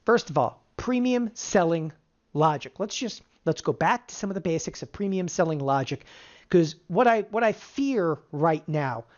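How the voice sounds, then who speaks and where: A middle-aged options trading instructor teaching a live webinar, energetic and firing rhetorical questions at the audience. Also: mid-range voice, normal speed. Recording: dull lo-fi webinar audio.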